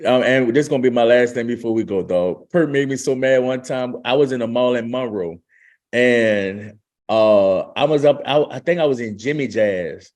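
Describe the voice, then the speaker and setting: A man's voice: medium pitch, normal speed, a little mellow. A man, a podcast guest telling a story with lots of laughter and slang. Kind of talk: casual storytelling.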